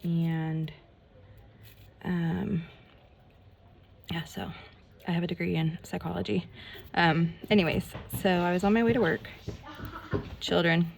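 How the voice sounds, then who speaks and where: A woman telling a rambling, animated story in a casual storytime vlog while she does her nails, full of "like" and mild swearing. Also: lowish voice, takes it slowly, long pauses, a little hiss or hum. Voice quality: gravelly, creaky voice. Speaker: nail vlogger.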